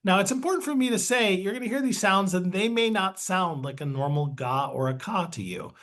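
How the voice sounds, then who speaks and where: A man's voice: sits high, lively intonation, brisk, few pauses, fairly bright tone. A man presenting a webinar, explaining a brain training exercise in a chatty, upbeat way.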